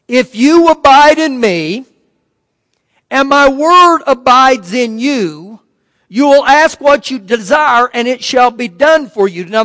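A man's voice: very high voice, a bit bright, no room sound, long reverb tail. A middle-aged man, a pastor, preaching a sermon in a folksy, joking way and reading scripture aloud.

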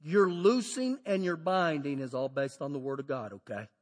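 A pastor preaching a sermon, animated, moving between loud shouted lines and low quiet asides. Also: male voice, normal speed. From Texas. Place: church sanctuary. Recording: long hall reverb.

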